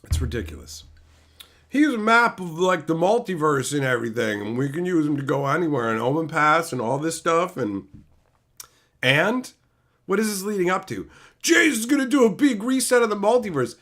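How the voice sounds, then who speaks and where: A man's voice: a little high, lively intonation, normal speed, fairly bright tone. A young man on a livestream, ranting with angry, sarcastic and profane outbursts. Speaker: streamer. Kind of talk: livestream rant.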